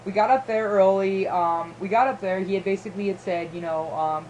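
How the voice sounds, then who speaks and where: A young woman co-hosting a podcast, telling an excited story in casual chat with lots of fillers. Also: mid-range voice, fairly quick, few pauses, slight background noise, low-quality recording. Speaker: podcast co-host.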